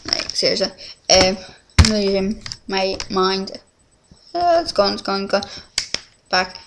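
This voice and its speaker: A woman's voice: mid-range voice, expressive, takes it slowly, heavy background noise. A teenage girl, rambling through a casual confessional vlog at home, full of fillers and restarts. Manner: rambling, scattered, many fillers. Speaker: vlogger.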